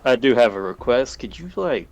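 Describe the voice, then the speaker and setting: A man's voice: medium pitch, big pitch swings, moderate pace, darkish tone. A man running a tabletop role-playing game, plainly explaining rules and what the players see.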